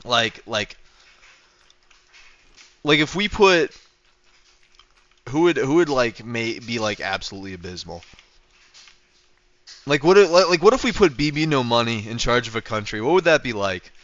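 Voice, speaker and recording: A man's voice: mid-range voice, lively intonation, moderate pace, pauses often, a bit bright, dull audio. A man from North America chatting casually on a livestream, rambling with lots of fillers and restarts. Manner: rambling, full of fillers and restarts, chuckling often. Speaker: streamer.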